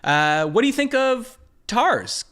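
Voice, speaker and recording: Animated male podcast host. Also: extremely high pitch, takes it slowly. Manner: animated, jokey, acts out quotes. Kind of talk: casual movie discussion.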